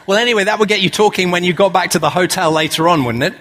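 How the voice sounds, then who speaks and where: A man preaching a relaxed, conversational sermon, full of "uh" fillers and rhetorical questions. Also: high voice, very fast, few pauses, noisy background.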